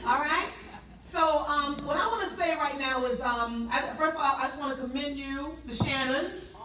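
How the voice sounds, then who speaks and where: South Carolina woman, high voice, lively call-and-response speaker, distant mic in an echoey hall. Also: moderate pace, noisy background. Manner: animated, laughing, call-and-response with the crowd. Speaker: motivational speaker. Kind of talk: testimony speech to an audience.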